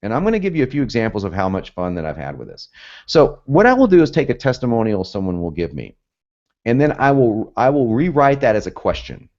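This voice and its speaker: With a mid-range, darkish voice that swings hugely in pitch, a man teaches copywriting fairly quickly in a relaxed, conversational manner. He frequently laughs and performs the lines he quotes, captured on dull lo-fi audio.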